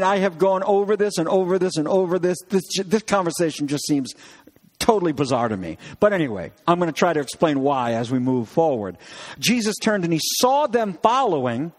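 A man's voice: high voice, big-room sound. A man preaching a sermon as pastor, in a conversational way with frequent restarts, acting out lines of dialogue.

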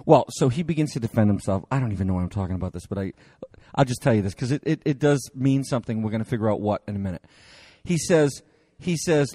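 A male lecturer tells stories in a chatty, animated way, full of fillers and restarts. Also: mid-range voice, brisk, no echo, studio quality. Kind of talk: storytelling lecture.

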